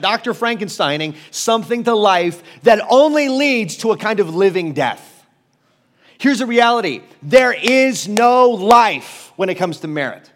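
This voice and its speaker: A man with a fairly high voice preaches a sermon. He is emphatic and conversational, dropping to quiet stretches and rising again with urgency. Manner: emphatic, swings between loud urgency and low quiet; conversational, self-deprecating asides. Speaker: pastor.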